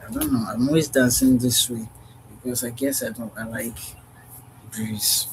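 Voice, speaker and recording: Earnest guy musing slow and repetitive, outdoors with cars going by. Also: medium pitch, very animated, background noise. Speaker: vlogger. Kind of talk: unscripted heartfelt monologue.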